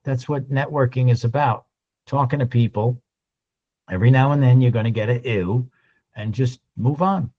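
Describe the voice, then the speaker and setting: A man giving a lunch-and-learn sales talk, animated and acting out little dialogues as he goes. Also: mid-range voice, normal speed, breathy edge, lo-fi sound. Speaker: sales trainer.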